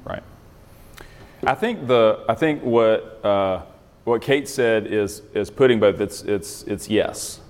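A man's voice: lowish voice, slow. Man leading a Bible study in a reverberant room. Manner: conversational, many restarts and "right?" checks. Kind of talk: teaching a group discussion.

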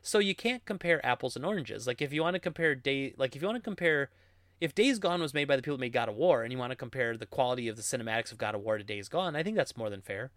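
A man's voice: medium pitch, fast, no room sound, clean studio sound. A man in his thirties who works in game retail, answering viewer questions in a rambling, casual way and acting out customers as he tells stories. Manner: rambling, animated storytelling with laughs and acted-out customer quotes.

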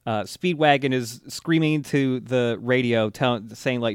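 A man's voice: medium pitch, a little slow, clean tone, dry recording. Podcast guy rambling thru an anime recap, cusses a ton, laughs a lot, super dry mic. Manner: rambling, laughing, swears freely. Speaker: podcast co-host. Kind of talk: casual chat recapping an anime.

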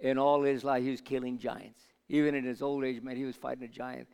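An older man preaching a sermon, moving from quiet Bible teaching to loud call-and-response with the congregation. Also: mid-range voice, level tone, brisk, creaky, clean tone. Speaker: pastor. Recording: long hall reverb.

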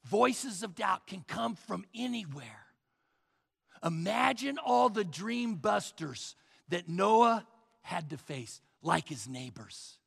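A man's voice: high voice, big pitch swings, slow pace, vocal fry, slightly rough, in a large hall. A male pastor preaching a sermon with emphatic repetition, often addressing the crowd as folks.

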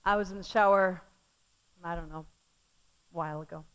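A middle-aged woman preaching a sermon, emphatic and often asking the congregation questions, swinging from loud declarations to hushed, tender storytelling. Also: on the low side, fairly even intonation, moderate pace, smooth.

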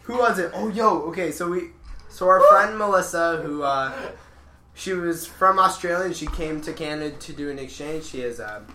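A teenage boy chatting excitedly with friends, laughing and trading puns. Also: fairly high pitch, normal speed. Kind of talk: casual chat among friends. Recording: echoey room with faint noise.

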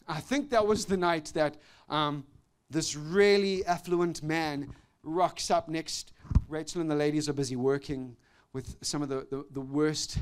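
A man preaching and telling a personal testimony, shifting between loud outbursts and hushed, intimate tones. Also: on the high side, fairly even intonation, measured pace, clear, resonant tone. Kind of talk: sermon testimony.

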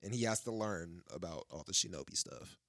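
A man's voice: low voice, expressive, fairly quick, sharp tone, dry recording, clean studio sound. A young man chatting casually among friends, in laid-back slang with frequent restarts. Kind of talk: casual chat.

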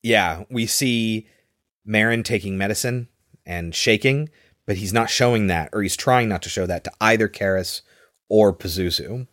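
Low-voiced man recapping a film. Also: moderate pace, a bit bright, dry recording, clean studio sound. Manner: loose storytelling with fillers. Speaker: podcast host recapping a film.

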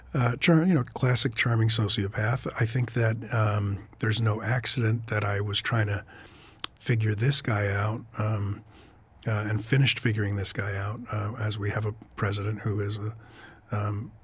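This interview guest, an author and editor, has a husky, lowish voice. He considers each question carefully, yet his replies come out hesitant and full of fillers and false starts.

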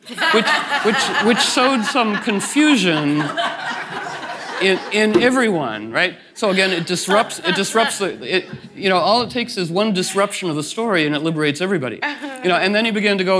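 A man's voice: on the high side, normal speed, fairly bright tone. A man giving a casual talk to a group, rambling with many restarts and fillers, and laughing through his funny stories. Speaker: speaker at a gathering.

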